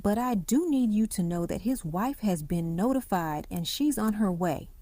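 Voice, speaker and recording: A woman voicing a calm, even-toned female ER nurse speaking professionally. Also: mid-range voice, moderate pace, dry recording, close to an everyday voice. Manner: even, professional phone manner.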